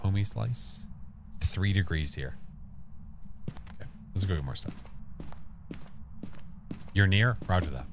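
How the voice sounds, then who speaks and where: A man live-streaming a horror game, chatting with viewers and calling out to the ghost in a jokey, animated way, recorded at a home streaming setup on a desk microphone. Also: low-pitched, slow pace, long pauses, noisy background. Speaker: gaming streamer.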